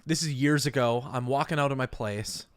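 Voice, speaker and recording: A man co-hosting a podcast, telling anecdotes with wry, deadpan banter. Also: medium pitch, brisk, dry recording. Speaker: podcast co-host. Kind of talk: casual podcast chat.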